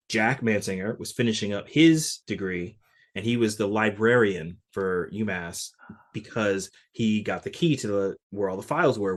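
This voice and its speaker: A man, a guest musician, telling a story in an interview and acting out the voices of the people in it. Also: fairly low pitch. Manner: animated, acts out quoted dialogue.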